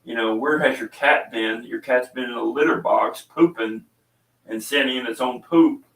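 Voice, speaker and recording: Middle-aged man, laid-back rambling host, mid pitch, roomy sound with the mic some distance off. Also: normal speed, vocal fry, a bit bright. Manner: rambling, chatty storytelling with many fillers. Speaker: podcast host and small coffee seller. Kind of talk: casual chat. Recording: roomy echo, voice away from the mic.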